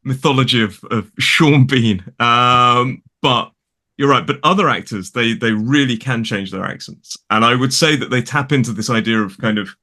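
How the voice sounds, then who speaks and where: In a relaxed conversation, this English teacher guest from the UK speaks with a British accent, a mid-range bright voice and a moderate pace, drifting off on tangents and filling his talk with restarts and fillers.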